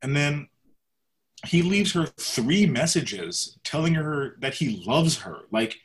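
A man's voice: on the high side, animated, slow pace, rough recording. A man co-hosting a casual podcast, talking bluntly and sarcastically with plenty of swearing. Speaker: podcast co-host. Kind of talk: casual chat.

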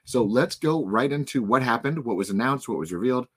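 A man in his twenties with a hoarse voice, hosting a podcast in casual chat and telling stories in an animated way. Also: mid-range voice, a little fast. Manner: animated storytelling, frustrated rants. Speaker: podcast host.

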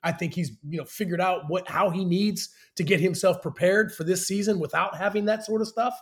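A ballplayer guest with a slightly high voice, talking with keen enthusiasm. His speech is loose and casual, full of "bro" and "man". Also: brisk. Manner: enthusiastic, says "bro" a lot. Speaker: professional baseball player, guest. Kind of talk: casual sports chat.

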